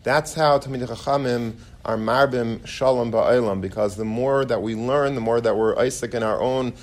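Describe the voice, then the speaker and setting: A man's voice: medium pitch, steady tone, normal speed. Conversational man giving an informal sermon. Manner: conversational, with frequent restarts and Hebrew and Yiddish terms. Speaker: rabbi giving a Torah talk. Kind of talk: informal sermon to a study hall.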